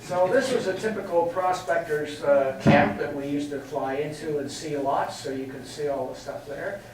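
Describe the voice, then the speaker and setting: An older man from England gives a chatty, anecdotal talk, his voice sitting a little high for a man. He is picked up from a distance in a very echoey hall, with a faint hiss of noise underneath. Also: moderate pace. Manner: anecdotal, chatty, laughs at his own stories. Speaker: guest speaker. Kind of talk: storytelling talk. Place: meeting hall.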